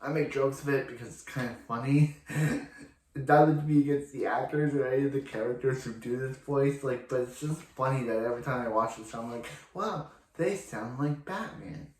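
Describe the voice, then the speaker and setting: A man's voice: mid-range voice, fairly even intonation, fairly quick, darkish tone. A man casually recapping a TV episode as a reviewer, rambling with lots of restarts and fillers. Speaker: TV show reviewer. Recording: echoey room.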